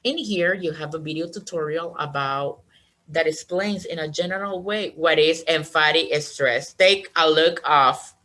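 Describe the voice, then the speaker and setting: A woman's voice: low voice, measured pace, pushed and bright, low-quality recording. A woman teaching an online English class, encouraging her students and checking understanding with "okay?" after each point.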